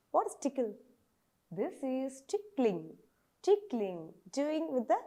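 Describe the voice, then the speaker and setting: A woman from Kerala with a Malayali English accent, teaching phonics to children and repeating each letter sound over and over. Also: high-pitched. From Kerala, India.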